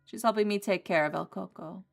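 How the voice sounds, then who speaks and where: A woman's voice: mid-range voice, fairly quick, creaky, faint music behind, close to an everyday voice. A woman voicing a tired, fretful professor in a visual novel game, scolding and worn out. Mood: weary. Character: weary, fretful professor caring for creatures.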